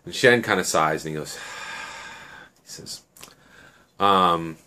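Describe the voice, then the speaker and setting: Rambling male storyteller, low voice. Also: a little slow, pushed and bright. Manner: rambling, many fillers and self-corrections. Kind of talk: improvised oral storytelling.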